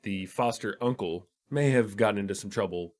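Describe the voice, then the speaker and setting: A man's voice: on the low side, normal speed. A young man co-hosting a casual film podcast, laid-back and rambling, swearing and laughing often. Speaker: podcast co-host.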